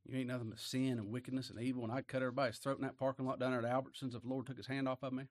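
A man preaching a sermon in a folksy way, asking rhetorical questions and swinging between loud declarations and low, quiet asides. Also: level tone, rapid-fire.

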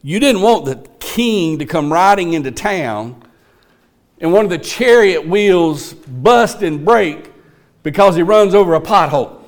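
High-voiced preacher building intensity. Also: male voice, lively intonation, a little slow. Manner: builds from quiet asides to emphatic proclamation; folksy, teasing a colleague. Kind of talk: sermon.

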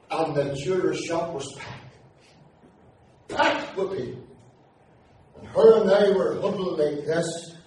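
A Northern Irish man spins a funny tale to a room, with a fairly high, mellow voice. He is heard from a distance, the sound ringing through a very echoey hall with a faint hum behind. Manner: animated, acts out dialogue. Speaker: speaker telling a personal story to an audience. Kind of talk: humorous storytelling.

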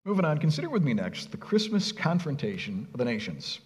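A male pastor preaching a sermon in a conversational, animated way, asking his listeners rhetorical questions and speaking casually with them. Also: fairly high pitch, fairly quick. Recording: long reverb of a large hall.

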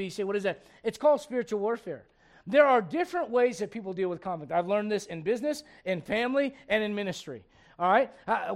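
A man in his forties preaching a sermon, animated, asking the congregation questions and acting out the voices he quotes. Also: very high-pitched.

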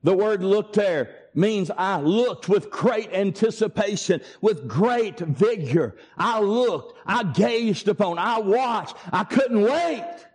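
A man preaching a sermon, emphatic and deliberate, with dramatic pauses. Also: sits high, animated, a little mellow, husky.

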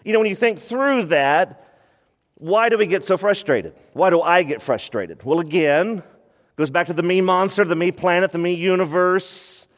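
A male pastor preaching a sermon, expressive, slowing down to stress words and acting out scripture quotes. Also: sits high, in a large hall.

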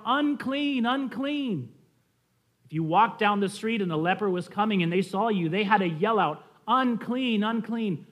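Earnest high-voiced man preaching. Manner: earnest, rising emphasis on key points. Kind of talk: sermon.

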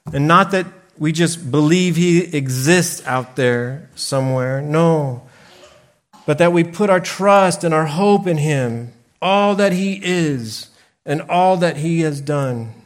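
A man preaching a sermon at an unhurried pace, letting each phrase land with a pause before the next. His voice sits a little higher than most men's, and the delivery stays earnest and deliberate. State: briefly choked up. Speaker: pastor.

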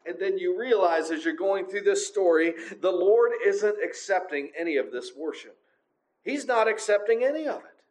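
A man's voice: high-pitched, expressive, moderate pace, darkish tone, low-quality recording. A man preaching a sermon in a conversational way, with frequent filler sounds. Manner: conversational, many filler uhs.

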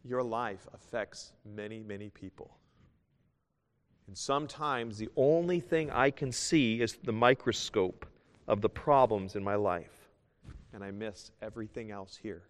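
A man pastor preaching a sermon, moving between loud emphatic bursts and soft hushed asides. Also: lowish voice, a little slow. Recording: long hall reverb.

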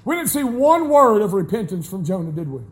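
A man preaches in a very high voice. His delivery is folksy and emphatic, and it builds up to shouting. This is a live church sermon recording. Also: big pitch swings, fairly quick. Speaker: pastor.

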